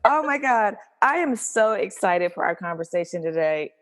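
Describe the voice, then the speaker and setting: A woman's voice: mid-range voice, animated, normal speed, a bit bright, big-room sound. A woman hosting a podcast interview, chatting in an effusive, enthusiastic way. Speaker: podcast host. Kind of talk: casual interview chat.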